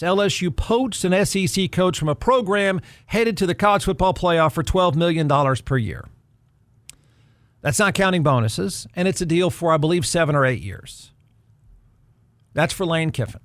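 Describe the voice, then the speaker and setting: A man's voice: fairly high pitch, fairly bright tone, dry recording. A middle-aged man hosting a sports podcast, delivering snarky, sarcastic commentary. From Texas. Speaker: podcast host.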